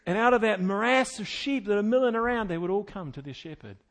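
High-voiced preaching man, dramatic swings. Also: expressive, quick pace. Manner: dramatic swings between loud preaching and quiet storytelling; folksy, with asides and chuckles. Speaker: pastor. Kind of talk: sermon.

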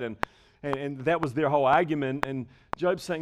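A man's voice: fairly high pitch, normal speed. A man, a pastor, preaching an emphatic sermon to a congregation and asking it rhetorical questions. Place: church service before a congregation. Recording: loud background noise with clicks.

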